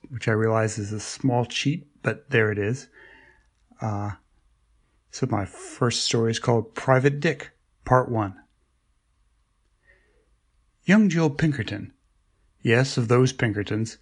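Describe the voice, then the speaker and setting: Man reading wry short fiction. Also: medium pitch. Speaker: regular story contributor. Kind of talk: reading his own flash fiction.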